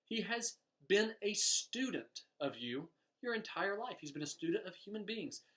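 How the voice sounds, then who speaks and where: A man preaching a sermon, telling stories in an animated way and pointing the lesson back to his listeners. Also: sits high, moderate pace. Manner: storytelling preacher, animated, voices quoted characters. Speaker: pastor.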